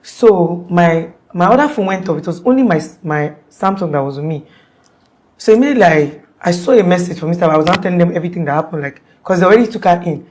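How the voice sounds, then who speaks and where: A woman's voice: lowish voice, expressive, quick pace, darkish tone. A young Nigerian woman giving a rambling, conversational interview account, full of "like" fillers and restarts. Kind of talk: casual spoken account.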